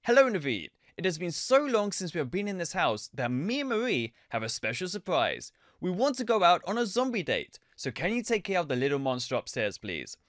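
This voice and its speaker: A man voicing a friendly male zombie in a game video, speaking slowly and politely in a lowered voice. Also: sing-song, fairly bright tone, no echo, studio quality. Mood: pleading.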